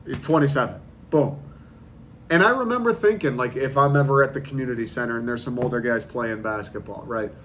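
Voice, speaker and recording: A man's voice: mid-range voice, a little fast, a bit bright, slight background noise. A man hosting a podcast, delivering a casual comedic monologue with incredulous ranting, slang and swearing. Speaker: podcast host.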